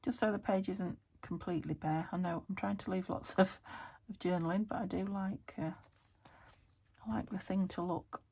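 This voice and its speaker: A woman's voice: medium pitch, fairly even intonation, normal speed, vocal fry, a little mellow, husky. A British woman chatting to herself while crafting, thinking aloud and often dropping into a whisper. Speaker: craft vlogger. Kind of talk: casual narration while crafting.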